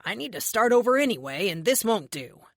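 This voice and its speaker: A woman playing a smug, menacing male villain in an audiobook, speaking slowly and condescendingly. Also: medium pitch, big pitch swings, no echo, studio quality, pitched above the performer's own voice. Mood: smug menace. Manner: slow, condescending, self-assured. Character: smug, menacing man, centuries-old villain.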